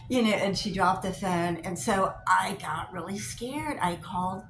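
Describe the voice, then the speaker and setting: An older woman chatting to camera as a vlogger, telling stories in an animated way and acting out both sides of her phone calls. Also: medium pitch, measured pace, few pauses. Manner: animated storyteller, acts out both sides of calls, gets loud when riled. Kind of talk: casual chat to camera. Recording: echoey room with faint hiss.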